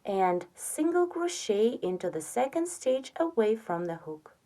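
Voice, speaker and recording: A woman giving a step-by-step crochet tutorial, patiently counting stitches aloud and softly trailing off on the counts. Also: fairly high pitch, very animated, unhurried. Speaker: crochet instructor.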